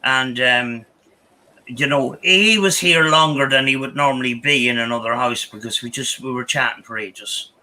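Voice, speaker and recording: Podcast host, man, very bright and forceful voice, rambles through anecdotes with constant restarts. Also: medium pitch, moderate pace, rough recording. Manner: rambling, many restarts and "I says". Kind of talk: casual storytelling chat.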